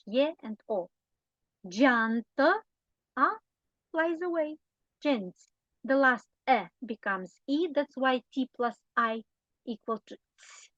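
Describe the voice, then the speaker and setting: A woman teacher with a Romanian accent speaks in a slightly high voice, taking her time over each explanation. She checks in often with little tag questions. The recording is dull and lo-fi, with a dry, close sound. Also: dry recording. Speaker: language teacher. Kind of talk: explanatory online lesson.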